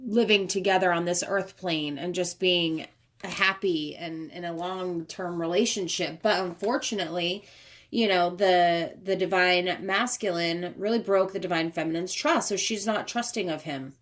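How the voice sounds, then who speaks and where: In an unhurried, fairly low voice, this tarot card reader gives a casual reading, chatting and thinking aloud while she handles her cards. Her phone camera, propped up nearby, does the recording.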